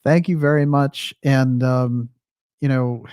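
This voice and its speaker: A man's voice: medium pitch, steady tone, unhurried, warm tone, no echo, studio quality. A man hosting a livestream, chatting casually and reading out viewer comments, with frequent fillers. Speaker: livestream host.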